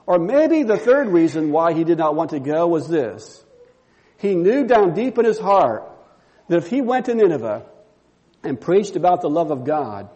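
A middle-aged man with a high voice preaches from the pulpit. He tells stories in an animated way and acts out the voices of the people he quotes as a pastor. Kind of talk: sermon.

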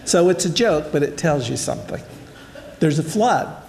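A man's voice: on the high side, very animated, normal speed, creaky, a crowd in the background. An older man giving a casual sermon, reading scripture and then explaining it in a conversational, storytelling way while addressing his listeners directly. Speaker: preacher. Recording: echoey hall.

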